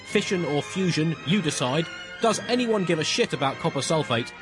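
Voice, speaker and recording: A man co-hosting a comedy podcast, with a dry, deadpan mock-newsreader delivery. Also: fairly high pitch, moderate pace, music in the background. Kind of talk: deadpan satirical news comedy.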